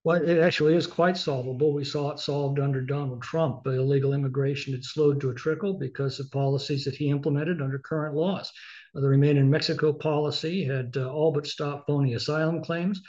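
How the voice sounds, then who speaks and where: Congressman guy answering questions slow and measured, lotta uhs, kinda muffled audio. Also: a little high, fairly even intonation, a little mellow. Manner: measured, with frequent uh fillers. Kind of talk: interview answers.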